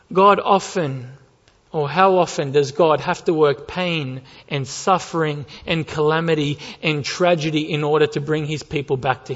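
A man preaching a sermon, emphatic, repeating key lines and asking rhetorical questions. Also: sits high. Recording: dull lo-fi sound with long hall reverb.

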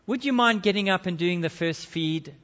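A man's voice: high voice, normal speed, fairly bright tone. A man voicing a tired young mother asking her husband for help, in a weary, pleading way, recorded with a dull lo-fi sound and long hall reverb.

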